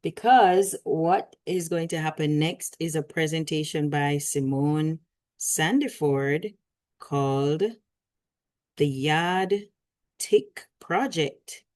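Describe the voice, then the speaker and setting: Low-voiced woman moderator on a call. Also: slow pace, a little mellow. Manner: chatty and joking between formal reading. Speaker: session moderator. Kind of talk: introducing speakers in an online session. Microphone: video call.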